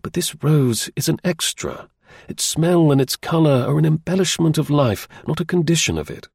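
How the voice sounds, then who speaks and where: A man voicing a sharp, aloof male detective who speaks in a measured, lecturing way, in a husky, gravelly voice. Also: fairly high pitch, lively intonation, no echo, pitched above the performer's own voice, heavily acted. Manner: measured, explaining, a little dry.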